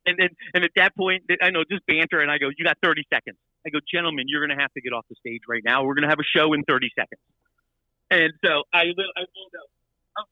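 A man telling a story in casual chat, animated and full of restarts and repeated words. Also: fairly high pitch, dry recording, dull audio.

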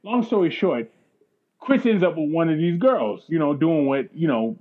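A man co-hosting a podcast tells a crude, rambling story with lots of swearing, putting on voices for the people in it. His voice is a bit high and swings up and down a lot. The sound is dull and lo-fi. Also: normal speed, a crowd in the background. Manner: profane, animated storyteller who acts out quotes. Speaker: podcast co-host. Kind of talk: casual storytelling chat.

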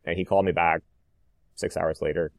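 Low-voiced man in his thirties telling his story. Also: a little fast, creaky, dry recording. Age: 30s. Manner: animated, reenacts dialogue, frequent "like" fillers. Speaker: interview guest, cancer survivor. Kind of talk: conversational storytelling.

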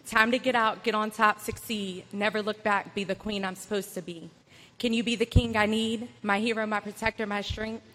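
A woman's voice: mid-range voice, fairly even intonation, moderate pace, fairly bright tone. A woman reciting a spoken-word poem in a rhythmic, earnest cadence. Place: large hall, correctional facility. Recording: echoey hall.

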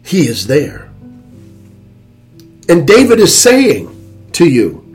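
A man preaching a fervent sermon with dramatic pauses. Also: on the high side, wildly swooping pitch, faint music behind.

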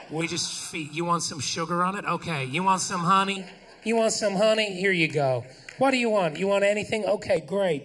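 Male pastor, slightly high voice, animated, funny storytelling sermon. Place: church in front of a congregation.

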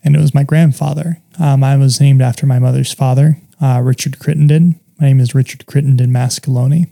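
Gravelly, earnest man telling his story. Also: mid-range voice, fairly even intonation, dark tone. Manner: halting and reflective, with many pauses and fillers; earnest and open about painful memories. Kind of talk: personal testimony in conversation.

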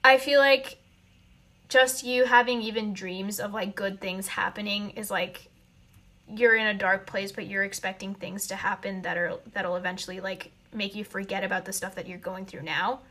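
A woman's voice: mid-range voice, steady tone, normal speed, bright, forceful tone. A teenage girl co-hosting a casual podcast chat, rambling with lots of fillers. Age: teens. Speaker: podcast co-host.

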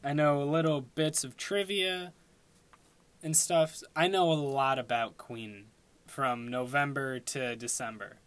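Rambling man telling a story, slow and bright. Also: mid-range voice, fairly even intonation. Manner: rambling, self-interrupting, laughs at own stories. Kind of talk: casual storytelling.

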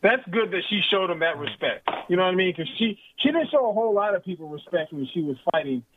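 A man's voice: high-pitched, lively intonation, fast talker, narrow, tinny audio, noisy background. A man calling in as a guest sports reporter, teasing the host.

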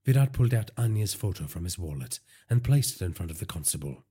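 A man narrating a crime audiobook in a measured, dramatic storytelling manner. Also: sits low, very animated, mellow, slightly rough.

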